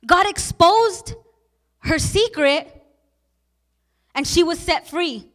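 Speaking slowly and expressively in a very high-pitched voice, often pausing, a female pastor delivers a passionate sermon. She repeats lines, questions her listeners, and at moments turns soft and emotional.

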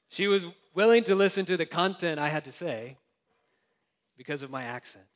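A man's voice: on the high side, animated, normal speed, big-room sound. A young adult man preaching a sermon, earnest and conversational with light laughs. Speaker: pastor.

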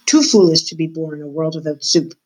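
A woman voicing an odd, gruff old man who works as a jailer and speaks of himself by name. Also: deep voice, fairly quick, slight background noise, close to an everyday voice.

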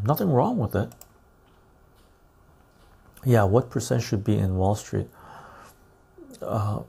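A man's voice: mid-range voice, gravelly, mellow, husky. A man hosting a live stream, thinking aloud in casual commentary as he pulls up stock charts, muttering and checking in with "right?".

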